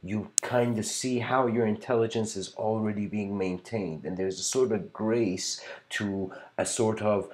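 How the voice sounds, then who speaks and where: In a livestreamed philosophical lecture, a man with a lowish, darkish voice speaks steadily at a measured pace with few pauses. He's earnest and rambling, searching for words and filling gaps with "you know" and "like."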